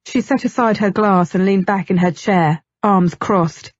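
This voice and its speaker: A female audiobook narrator who reads slowly in a measured, husky voice. The recording is dry and close, with a slightly dull, muffled tone. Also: medium pitch, no echo. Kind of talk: scripted narration.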